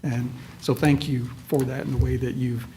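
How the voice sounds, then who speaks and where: A man speaking as a county official at a public meeting, halting and often repeating words. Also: mid-range voice, little pitch movement, dark tone, a little hiss or hum.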